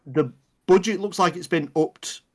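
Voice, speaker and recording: A man co-hosting a casual movie chat, enthusiastic and quick to laugh and swear. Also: high-pitched. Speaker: podcast co-host.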